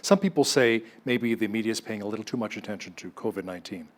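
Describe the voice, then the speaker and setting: A man's voice: on the low side, quick pace. A man anchoring a TV news segment in a studio, introducing his guest and asking conversational questions. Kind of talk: TV news interview.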